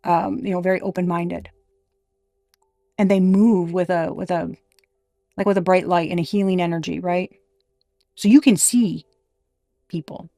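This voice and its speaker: A woman's voice: mid-range voice, darkish tone, no room sound, studio quality. A woman giving a casual tarot reading, talking frankly and emphatically and swearing now and then. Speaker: tarot reader.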